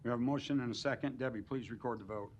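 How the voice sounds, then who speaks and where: A man's voice: mid-range voice, dull audio. Man chairing a planning board meeting. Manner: brisk procedural, reads case numbers aloud. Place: council chamber.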